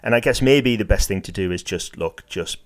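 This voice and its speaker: Male podcast co-host, low register, stop-start delivery, casual. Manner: halting, many restarts; game master who likes to do voices. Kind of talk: casual discussion.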